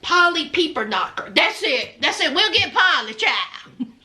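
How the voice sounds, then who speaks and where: Sassy, lively-voiced woman vlogger. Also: sits high, measured pace. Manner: sassy, exclamatory, storytelling. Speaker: reality TV recap vlogger. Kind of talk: casual commentary recap.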